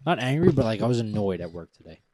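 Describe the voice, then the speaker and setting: A man's voice: lowish voice, big pitch swings, fast, warm tone, slight background noise. A man co-hosting a podcast in casual chat, rambling and often stopping mid-thought. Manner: loose, rambling and self-interrupting. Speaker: podcast co-host.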